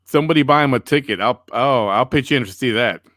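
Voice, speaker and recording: A man's voice: medium pitch, quick pace, a bit bright, no room sound, studio quality. A male podcast host chatting casually and reading out viewer comments, wry and sarcastic.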